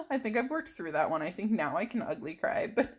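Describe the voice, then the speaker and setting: A woman's voice: medium pitch, big pitch swings, normal speed. A middle-aged woman casually telling a rambling personal story in a vlog, full of fillers and little laughs. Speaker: vlogger.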